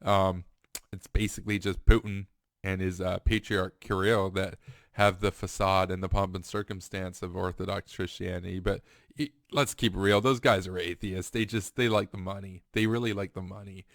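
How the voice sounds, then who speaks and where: A man's voice: low-pitched, level tone, moderate pace, no room sound, clean studio sound. A man giving a heated, repetitive political commentary monologue. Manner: emphatic, ranting, repetitive.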